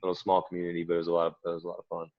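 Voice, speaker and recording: Male co-host, lower pitch, easygoing, heard through dull lo-fi audio. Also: monotone, racing. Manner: laid-back, affirming. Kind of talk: casual interview.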